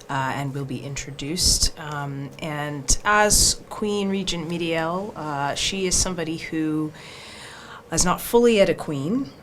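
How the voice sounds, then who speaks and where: A woman speaking as an actress in an interview, describing her role in a measured, thoughtful way with frequent fillers. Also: low-pitched. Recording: noisy background.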